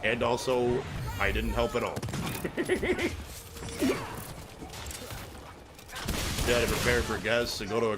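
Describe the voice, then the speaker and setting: Male streamer, foul-mouthed joker, mid-pitched, steady hiss of room noise under the voice. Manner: crude, joking, rambling banter. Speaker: game streamer. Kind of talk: live gameplay commentary.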